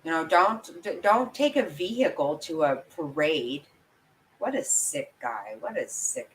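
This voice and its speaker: With a low-sitting voice, big pitch swings, and a measured pace, a woman true crime commentator delivers heated, profane livestream commentary over poor audio. She rants emphatically and angrily at viewers, then apologizes for her outbursts.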